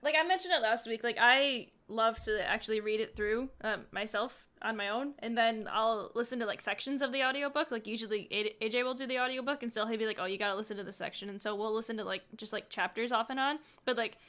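A woman's voice: fairly high pitch, fairly quick, hardly any pauses, a bit bright. A woman co-hosting a casual fan podcast, chatty and full of fillers. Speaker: podcast co-host.

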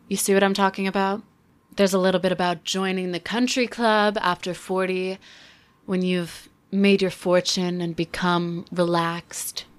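A woman in her twenties reviewing a book in casual commentary, with sarcastic deadpan asides. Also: medium pitch.

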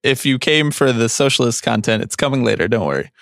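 A young man with a Philadelphia accent co-hosts a podcast in loose, joking chat. He mocks himself and laughs often, at a middle pitch. The sound is dry and close to the mic. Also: very animated, fast, gravelly, a bit bright, no echo. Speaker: podcast co-host. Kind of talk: casual chat.

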